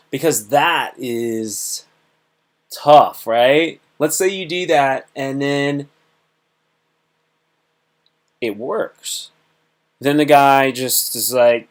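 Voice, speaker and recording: A man's voice: mid-range voice, very slow. A man hosting a casual livestream talk, rambling and repetitive, often acting out little dialogues. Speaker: host. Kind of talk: casual livestream monologue on self-improvement.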